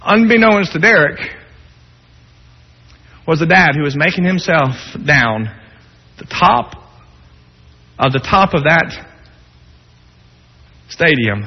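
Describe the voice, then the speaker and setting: A man preaching a sermon, telling a story dramatically, dropping low and soft, then rising for emphasis. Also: expressive, takes it slowly, long pauses, husky. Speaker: pastor. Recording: dull, long-reverb hall sound.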